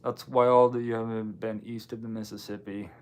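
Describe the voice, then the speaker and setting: A man's voice: on the low side, level tone, normal speed, a little mellow, smooth. A man hosting a casual livestream, reading viewer comments and answering in a loose, offhand way with dry asides. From Washington State, US. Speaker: livestream host.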